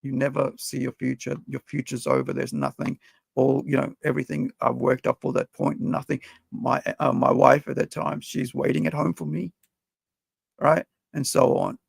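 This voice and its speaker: Gravelly, husky man telling a story. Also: medium pitch, flat delivery, no room sound. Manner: rambling, halting, full of "like" and "you know". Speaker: podcast co-host. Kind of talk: emotional personal storytelling.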